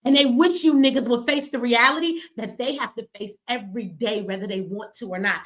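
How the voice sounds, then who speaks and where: A middle-aged woman with a somewhat high voice delivers heated livestream commentary. She talks bluntly and with a lot of profanity, lecturing her listeners in a preachy way. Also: lively intonation, a little fast, a bit bright. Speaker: streamer and commentator.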